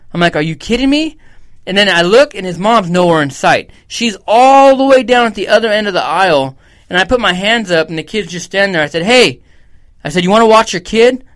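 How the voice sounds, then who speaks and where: A man's voice: a little high, fairly bright tone. A man co-hosting a podcast, telling stories in a blunt, profane, casual way. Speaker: podcast co-host.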